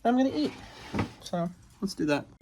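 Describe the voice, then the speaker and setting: A woman's voice: mid-range voice, fairly quick, noisy background. A young woman chatting casually at home in a late-night vlog, rambling, swearing and fussing over her pet. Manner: swearing, rambling, excitable, talks baby talk to her pet. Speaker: vlogger. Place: at home, indoors.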